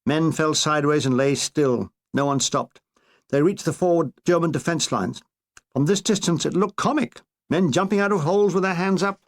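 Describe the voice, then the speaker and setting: Man, audiobook narrator, own memoir, dry, wry, fairly high voice. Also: normal speed. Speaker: author narrating his memoir.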